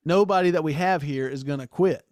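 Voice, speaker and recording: A man's voice: on the high side, brisk, a little mellow, dry recording, clean studio sound. Reflective, rambling man. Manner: reflective, rambling, many "you know what I mean". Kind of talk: casual podcast chat.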